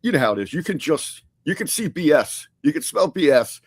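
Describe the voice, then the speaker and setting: A man's voice: on the high side, very animated, fairly quick, breathy edge, no echo. Chatty male podcast co-host, dry sound. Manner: conversational, many fillers and restarts. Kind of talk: casual podcast review chat.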